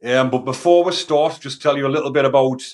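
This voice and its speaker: A man's voice: medium pitch, brisk, darkish tone. A man hosting his own channel, talking casually and rambling with informal slang, a little out of breath. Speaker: channel host. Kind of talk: casual talk to camera.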